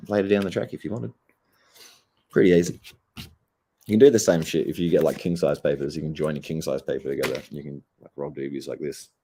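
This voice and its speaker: A stoned young Australian man with a very deep, dark and mellow voice. He talks in a loose, laid-back ramble, swearing constantly as he chats to his livestream. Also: slightly rough. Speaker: streamer. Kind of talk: casual livestream chat.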